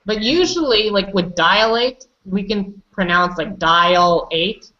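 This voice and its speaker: A woman's voice: mid-range voice, animated, measured pace, a bit bright, dull audio. A woman teaching English pronunciation, patiently correcting students and calling on them by name. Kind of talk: online pronunciation lesson.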